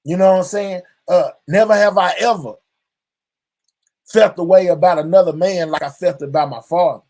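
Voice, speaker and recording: Male vlogger, higher-pitched voice, earnest, heartfelt, rambling with constant filler phrases. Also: normal speed, darkish tone. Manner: drawling, fills nearly every line with "you know what I'm saying"; earnest and reflective, speaking openly to his audience. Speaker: channel host. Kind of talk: heartfelt personal monologue to viewers.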